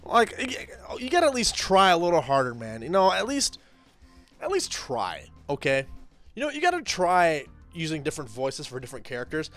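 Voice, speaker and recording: A man's voice: a little high, wildly swooping pitch, brisk, fairly bright tone, faint music behind. A man hosting and commenting on role-play stories in casual, emphatic talk, repeating himself for effect.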